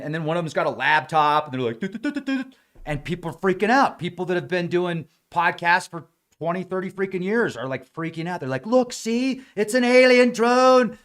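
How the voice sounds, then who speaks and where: A podcast host rambles through a casual monologue, his voice a bit bright and his mouth dry from the high mountain altitude. He's sarcastic and likes to mimic gullible people.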